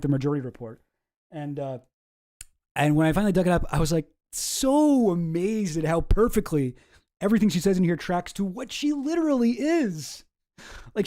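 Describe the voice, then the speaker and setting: A man's voice: high voice, a little mellow. A man hosting a casual reaction commentary, rambling and sarcastic with some swearing. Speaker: commentary host.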